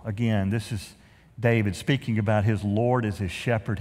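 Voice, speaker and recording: A middle-aged man preaching a sermon as pastor, folksy and joking, swinging from loud emphasis to hushed, quiet lows. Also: normal speed. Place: large church sanctuary. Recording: reverberant church hall.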